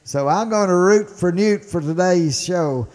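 A man's voice: sits high, unhurried, darkish tone, in a large hall. A man with a Mississippi accent hosting a show and talking politics with emphatic enthusiasm. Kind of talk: political commentary.

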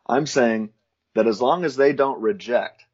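A man's voice: medium pitch, measured pace, slightly rough. A man, a guest in a casual interview, explaining theology in a thoughtful way and laughing lightly between points. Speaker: guest, Christian philosopher. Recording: dull lo-fi audio.

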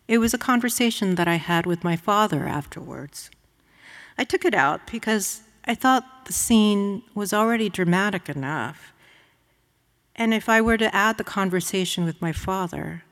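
A woman from the United States reading her own writing aloud at a public lecture, measured and reflective. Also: mid-range voice. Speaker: author reading her work. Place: lecture hall. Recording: long reverb of a lecture hall.

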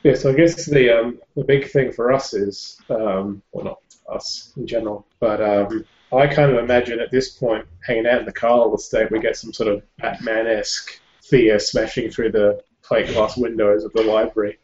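A man's voice: lowish voice, steady tone, normal speed, few pauses, darkish tone. Hesitant male player thinking aloud. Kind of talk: casual tabletop game chat. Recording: dull lo-fi voice chat.

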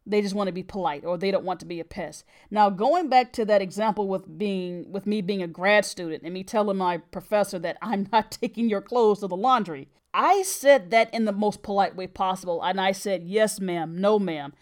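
A woman's voice: mid-range voice, a little fast, hardly any pauses. A middle-aged woman hosting a podcast, telling a personal story in an earnest, emphatic way. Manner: earnest and emphatic, with brief laughs.

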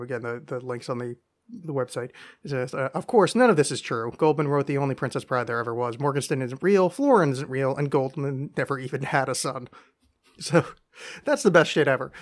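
Brief: male solo podcast host, casual and profane, stumbling through a reading, voice pitched a bit high. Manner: rambling, self-deprecating, profane.

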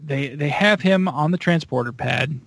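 A man in casual podcast chat, excitable and acting out his own reactions. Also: normal speed, gravelly, breathy edge, no echo. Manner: excitable, acts out his own reactions with big pitch jumps. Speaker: podcast co-host.

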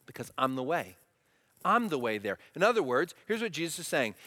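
A man in his thirties preaching a sermon, animated and asking the congregation questions. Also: on the high side, a little fast. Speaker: pastor. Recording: long hall reverb.

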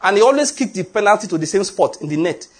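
Preacher guy, fairly high husky voice, lots of rhetorical questions. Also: fast talker. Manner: animated storytelling with rhetorical questions. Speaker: pastor. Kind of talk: sermon.

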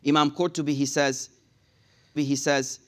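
A man's voice: a little high, level tone, a little slow. A man preaching a sermon in a casual, slangy way, reciting Arabic passages and then translating them. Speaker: Islamic preacher.

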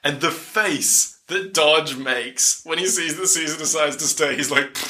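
A man's voice: on the high side, measured pace. A man co-hosting a casual podcast, recapping a movie with laughter, swearing and comic asides. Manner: animated, laughing, swearing, doing comic voices. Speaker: podcast co-host.

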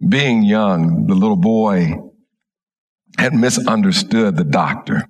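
Deep slow guy giving a sermon, gentle storytelling. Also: animated. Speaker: minister.

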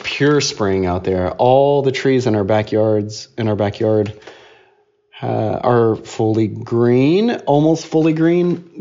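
A man in his thirties chatting casually with his young daughter on a podcast, patiently explaining things through questions and gentle teasing. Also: medium pitch. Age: 30s. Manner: patient explainer who asks questions and teases. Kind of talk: casual family chat. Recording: dull lo-fi recording.

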